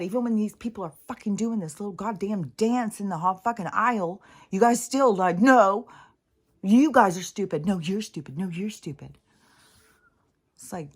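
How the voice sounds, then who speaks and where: A woman's voice: medium pitch, breathy edge. A woman vlogger in an exasperated, profane ranting monologue, swearing often and mocking other people's voices.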